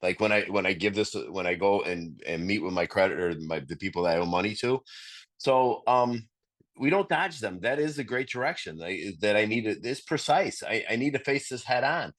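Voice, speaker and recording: A man's voice: fairly low pitch, lively intonation, moderate pace, a bit bright. A man co-presenting a recovery talk, speaking earnestly and repeating words as he gathers his thoughts.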